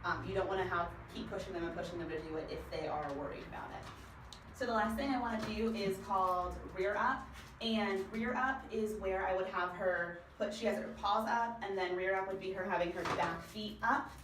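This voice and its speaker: A woman's voice: mid-range voice, fairly quick. A young woman casually teaching dog training with her own dog, talking in an easy, chatty way with frequent ums. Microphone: far camera mic. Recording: roomy, distant, noisy home video.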